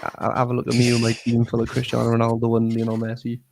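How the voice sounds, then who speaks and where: A man co-hosting a live podcast, chatting casually with a flat, dry delivery. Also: mid-range voice, very fast, creaky, a little hiss or hum. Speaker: podcast co-host.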